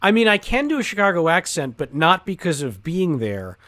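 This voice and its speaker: A man's voice: sits high, sing-song, a little fast, a bit bright. Easygoing chatty male actor guest. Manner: easygoing, chatty, with many fillers. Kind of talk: casual interview chat.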